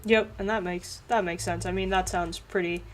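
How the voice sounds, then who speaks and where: A woman's voice: on the low side, fairly even intonation, moderate pace, slight background noise. Agreeable woman hosting a call-in show. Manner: agreeable, with short backchannel remarks and soft laughs. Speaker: host. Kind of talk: casual call-in chat.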